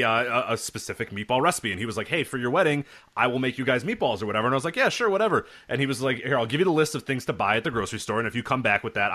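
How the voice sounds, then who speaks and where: A man talks fast in casual podcast chat, and his pitch jumps around a lot. He acts out the people in his stories as he tells them. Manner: animated storyteller, acts out voices in anecdotes. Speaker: podcast co-host.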